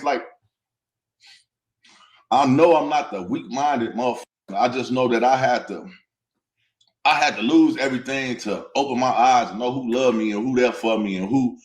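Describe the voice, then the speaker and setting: A man's voice: mid-range voice, moderate pace. Defiant man in his thirties, echoey room. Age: 30s. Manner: defiant, streetwise, blunt. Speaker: interviewee. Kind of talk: casual interview talk.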